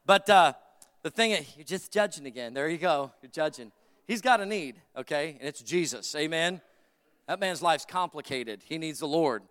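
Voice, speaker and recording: High bright-voiced preacher in a big reverberant hall. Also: male voice, lively intonation, normal speed. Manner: folksy, joking storyteller addressing the congregation. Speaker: pastor. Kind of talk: sermon.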